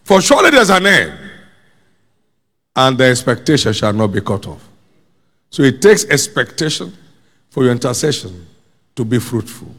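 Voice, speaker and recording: A man's voice: medium pitch, sing-song, normal speed, long pauses, a bit bright, big-room sound. A man preaching a sermon with emphasis, repeating his key phrases and calling on the congregation to answer.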